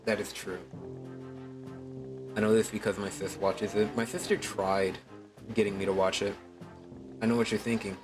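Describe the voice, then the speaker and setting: A male streamer talking to his audience in a relaxed, rambling way, cursing without a second thought. His voice sits on the low side. Faint music plays quietly behind him. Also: moderate pace, pauses often, poor audio. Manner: laid-back and profane, chatting to viewers. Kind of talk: casual gaming stream chat.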